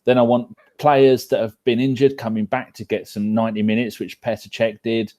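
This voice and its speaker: A man's voice: medium pitch, little pitch movement, normal speed, warm tone. A man joking around as a podcast co-host, self-mocking and casual.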